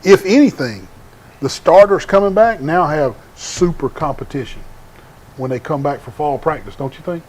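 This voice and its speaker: A man's voice: on the high side, animated, moderate pace, darkish tone. A man co-hosting a casual sports talk show, chatty and enthusiastic.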